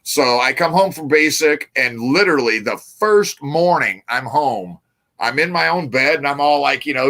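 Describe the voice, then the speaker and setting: Male co-host, lively storyteller, bright forceful voice. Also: medium pitch, moderate pace. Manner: animated storytelling with acted-out quotes. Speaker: podcast co-host. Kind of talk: casual chat.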